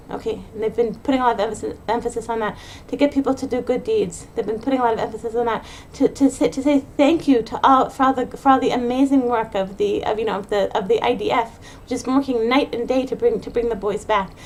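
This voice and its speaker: Earnest woman, quick bursts, slight hiss. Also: fairly high pitch. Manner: earnest, repeats and restarts phrases, rushes in bursts. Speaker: podcast host giving a pep talk to mothers. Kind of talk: unscripted monologue.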